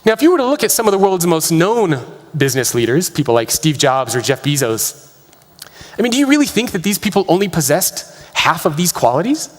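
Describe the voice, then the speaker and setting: A man's voice: fairly high pitch, very animated, fairly quick. A man giving a keynote talk to a large audience in a conference hall. He tells stories with energy and asks the room rhetorical questions. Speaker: keynote speaker. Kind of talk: keynote storytelling.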